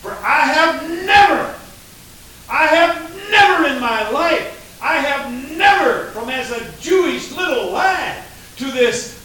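An earnest apostle protests in a raised, insistent plea, as a preacher puts him on. The voice swoops and lifts, echoing from far off in a large hall, with faint hiss. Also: male voice, sharp tone, heavily acted. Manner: pleading, insistent and high. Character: earnest devout apostle protesting to his Lord.

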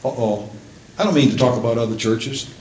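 Pastor, male, mid-pitched voice, preaching with praise interjections, recorded in a roomy, echoing church with faint background hum. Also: fairly quick. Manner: preaching, rising to shouts at climaxes; interjects praise and hallelujahs often. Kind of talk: sermon.

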